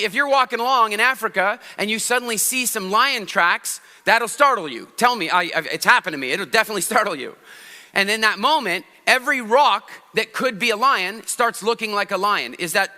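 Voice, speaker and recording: High, bright-voiced man with hall reverb. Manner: animated storyteller, asks the audience questions. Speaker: public speaking presenter. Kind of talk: stage talk to a live audience.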